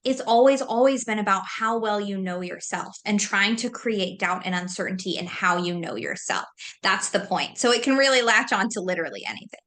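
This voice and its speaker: Lively, chatty woman host. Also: mid-range voice, brisk. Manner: lively, conversational, uses "like" often. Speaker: host from a mental health company. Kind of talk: moderated discussion.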